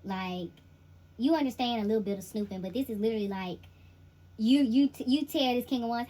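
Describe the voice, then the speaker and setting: A woman with a somewhat high, breathy voice gives a tarot reading to her viewers. She talks straight at the listener in loose, slangy phrases. She circles back over her points again and again for emphasis. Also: a little fast, warm tone, low-quality recording. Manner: emphatic and repetitive, addresses the listener directly; informal slangy delivery. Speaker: intuitive tarot reader.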